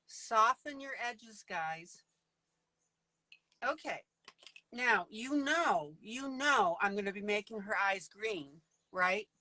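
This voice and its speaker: A woman's voice: medium pitch, lively intonation, slow pace, pushed and bright, rough recording. A woman leading a casual live coloring lesson, chatty and playful, laughing often as she works. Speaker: online coloring teacher.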